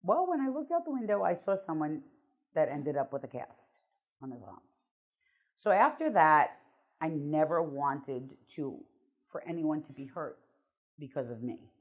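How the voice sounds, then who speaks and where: Blunt low-voiced woman telling her story. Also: big pitch swings, a little slow, pauses often. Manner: blunt, emotional storytelling with swearing. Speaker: guest. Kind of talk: candid storytelling interview.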